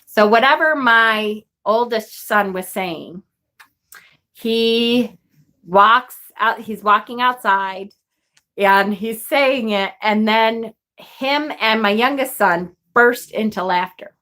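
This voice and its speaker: A woman's voice: mid-range voice, slow, pushed and bright. A woman in her forties chatting casually as a vlogger, telling a rambling story and laughing often. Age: 40s. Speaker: witchcraft vlogger.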